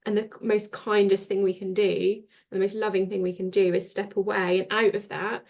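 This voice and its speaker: A woman's voice: mid-range voice, flat delivery, moderate pace, creaky. A woman guest on a podcast talking reflectively about respect and letting people go, sometimes losing her thread. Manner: reflective, loses her thread, soft-spoken. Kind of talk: casual spiritual chat.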